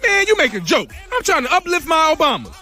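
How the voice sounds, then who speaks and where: A man voicing a brash, swaggering young street guy in an animated comedy. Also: very high-pitched, fast, soft background music, full character voice.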